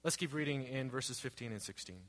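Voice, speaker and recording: A man's voice: mid-range voice, fairly quick, fairly bright tone. A man in his thirties preaching a sermon as pastor, earnest and repetitive, asking rhetorical questions. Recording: long hall reverb.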